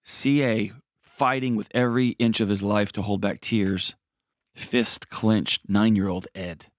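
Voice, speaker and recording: A man's voice: fairly low pitch, steady tone, measured pace, no room sound, clean studio sound. A man hosting a call-in advice show, talking directly and earnestly to a caller. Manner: earnest, direct coaching with emphatic repetition. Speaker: radio show host giving life advice. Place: studio. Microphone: close studio mic.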